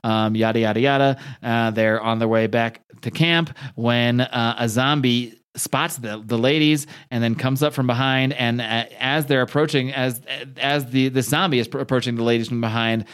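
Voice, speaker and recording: A man's voice: medium pitch, steady tone, moderate pace, few pauses, fairly bright tone, smooth. A man casually recapping a comic book on a podcast, rambling with fillers and swearing now and then. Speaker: podcast host.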